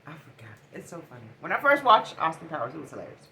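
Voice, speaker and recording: Animated woman giving spiritual card readings. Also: deep voice, quick pace, vocal fry, slight background noise. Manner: animated, preachy, swings between loud and hushed. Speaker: spiritual oracle card reader.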